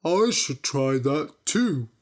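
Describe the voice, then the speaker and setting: A woman voicing a dim-witted older brother who talks in a slow, plodding way. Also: deep voice, animated. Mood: dull.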